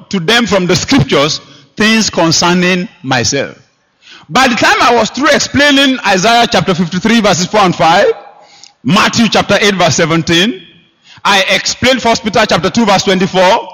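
A man preaching a sermon, emphatic, with sharp rises and quiet drops. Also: sits high, animated, normal speed. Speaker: pastor. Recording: long hall reverb.

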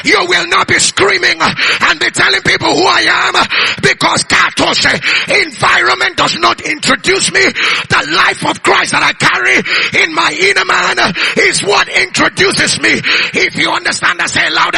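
A male pastor preaching a fervent, shouted sermon, calling out to his congregation, breaking into tongues and filling pauses with "uh". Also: very high voice, steady tone, gravelly. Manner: fervent, calls out to the congregation, frequent "uh" fillers; bursts into speaking in tongues.

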